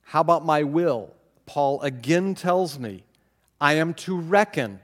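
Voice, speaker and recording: Pastor guy preaching slow, kinda high voice, jokes on himself, big hall echo. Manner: animated, self-mocking, laughs often. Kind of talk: sermon.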